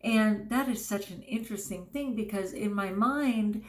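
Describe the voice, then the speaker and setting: A woman's voice: mid-range voice, moderate pace. Earnest woman teacher vlogging candidly. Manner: earnest, candid, self-deprecating, with frequent fillers. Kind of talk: casual personal vlog monologue.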